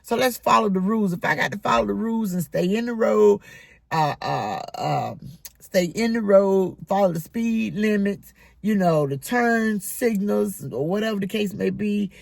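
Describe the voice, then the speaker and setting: Middle-aged bus driver vlogging, firm and scolding, gravelly fry in the voice. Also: mid-range voice, animated, normal speed, no room sound. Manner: scolding, emphatic, repetitive. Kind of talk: casual monologue vlog.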